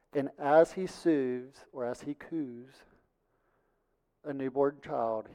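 A man preaching a sermon and reading Scripture, emphatic, swinging from loud passages to hushed ones. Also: fairly high pitch, clear, resonant tone. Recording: dull lo-fi sound with long hall reverb.

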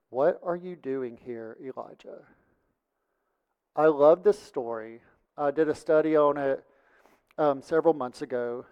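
A man preaching a sermon and reading Scripture, emphatic, swinging from loud passages to hushed ones. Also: fairly high pitch, clean tone. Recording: dull lo-fi sound with long hall reverb.

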